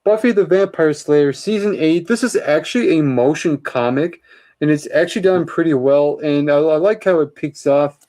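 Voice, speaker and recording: A man in a casual vlog, going through his movie collection and giving chatty, opinionated takes, often pausing with uh and um. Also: fairly high pitch, mellow. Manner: chatty, opinionated, with many uhs while listing titles. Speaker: vlogger showing his DVD collection.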